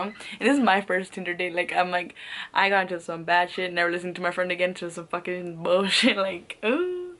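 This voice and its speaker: A woman's voice: lowish voice, expressive, a little fast, a bit bright. A young woman telling a casual storytime, rambling and swearing, with frequent "like" fillers and laughs between phrases. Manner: rambling, profane, peppered with "like". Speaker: vlogger.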